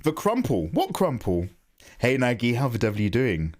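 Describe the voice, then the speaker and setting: A man's voice: medium pitch, huge pitch swings, darkish tone. A man chatting casually on a live art stream, rambling, joking and reading out his chat from home. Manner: chatty, rambling, quick to joke, reads chat aloud. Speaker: live-streaming digital artist.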